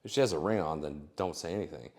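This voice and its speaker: A man's voice: rumbling low, quick pace, darkish tone. A middle-aged man giving casual dating advice, rambling with many fillers and acting out both sides of conversations.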